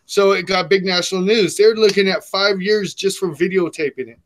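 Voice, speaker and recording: A young man with a fairly high voice hosts a casual podcast. He tells stories in a loose, animated way and jumps in and out of the people he describes. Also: a little hiss or hum. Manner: animated, acts out the people in his stories with quick shifts. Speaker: podcast host. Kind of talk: casual profane storytelling.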